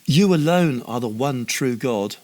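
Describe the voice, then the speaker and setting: A man's voice: medium pitch, expressive, measured pace, darkish tone, voice pushed up, lightly acted. A man voicing a devout, steadfast man praying with earnest fervour. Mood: fervent.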